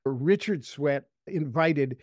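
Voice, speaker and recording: A man's voice: fairly high pitch, slow, darkish tone, no room sound, studio quality. A man on a political panel who tells playful anecdotes. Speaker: political commentator.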